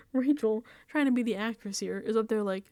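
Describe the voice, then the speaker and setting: A woman's voice: fairly high pitch, mellow, no room sound, studio quality. A woman casually recapping a reality show episode, chatty and laughing often, sometimes dropping into whispered asides. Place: indoors, home setup.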